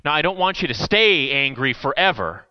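A man preaching in a loose, conversational way, his higher voice rising and falling all over the place. He swings from loud bursts to near hush. The recording sounds dull, lo-fi and dry. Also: expressive, moderate pace, dry recording. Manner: conversational, with sudden dramatic swings between loud and hushed. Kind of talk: sermon.

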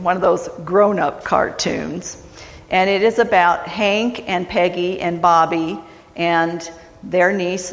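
A woman's voice: fairly low pitch, big-room sound, low-quality recording. A woman pastor from West Virginia preaching a sermon, folksy and self-deprecating, telling a story. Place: church sanctuary.

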